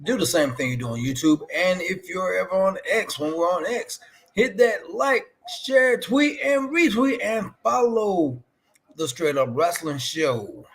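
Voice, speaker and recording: Animated joking man on a live stream. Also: sits high. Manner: joking, drawn-out slang, repeated "boy" and "man". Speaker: co-host of wrestling livestream. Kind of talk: casual live watch-along chat.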